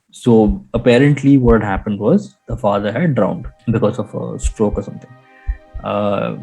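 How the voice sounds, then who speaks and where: A man with a low, husky, mellow voice rambles through a personal story on a podcast, restarting sentences as he goes. Faint music sits behind him. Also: poor audio. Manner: rambling, with many fillers and restarts. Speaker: podcast co-host.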